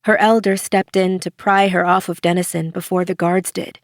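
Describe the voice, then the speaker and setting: A woman narrating an audiobook in a measured way, giving the characters soft voices. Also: fairly low pitch, flat delivery, dry recording, clean studio sound.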